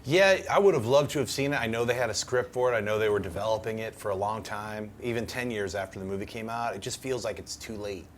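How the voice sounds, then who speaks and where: A man with a lowish voice riffing casually on a film panel. He jokes easily and lets his sentences trail off into fillers, with faint noise in the background. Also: fast, hardly any pauses. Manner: relaxed, joking, trails into fillers. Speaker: movie news panelist.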